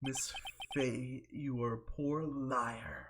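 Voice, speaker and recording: A man voicing a pompous, sinister blackmailer from a video game, with a smug, drawn-out delivery. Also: mid-range voice, steady tone, fairly bright tone. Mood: menacing.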